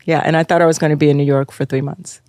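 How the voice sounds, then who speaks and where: A woman in her fifties, a podcast guest telling her story in a lively, casual way and acting out what other people said. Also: sits low, very fast, dry recording, studio quality. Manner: animated, acts out other people's lines.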